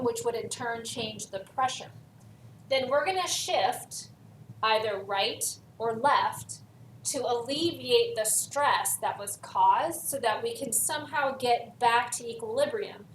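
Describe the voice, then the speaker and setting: A woman chemistry teacher with a slightly high voice explains a worksheet step by step, leaning hard on the words she wants remembered. She sounds set back from the mic in a reverberant room, with a faint hiss underneath. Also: recorded from a distance. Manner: stresses key words, repeats for emphasis. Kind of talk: recorded lesson walking through worksheet.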